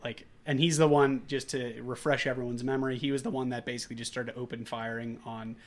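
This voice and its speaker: A man's voice: medium pitch, level tone, fast talker. Male podcast co-host, casual plot recap, rambling delivery. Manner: recaps the plot at length with many fillers and restarts. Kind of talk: casual movie podcast chat.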